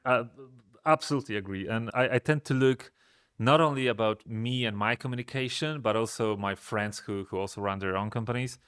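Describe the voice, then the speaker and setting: A man from Poland, a software company founder, talking through business lessons in a thoughtful, hesitant way, often restarting his sentences. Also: mid-range voice, fairly quick, smooth, no room sound, clean studio sound. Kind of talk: casual business chat.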